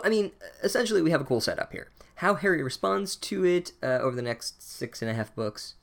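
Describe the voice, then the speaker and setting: A young man giving a sarcastic, profane comedic book recap with wry asides. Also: mid-range voice. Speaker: podcast host reviewing a book.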